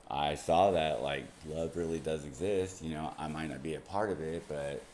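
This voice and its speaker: A man's voice: rumbling low, normal speed, a little mellow, a little hiss or hum. A young man talking to camera in a rambling, casual monologue, laughing often and swearing freely. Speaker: vlogger.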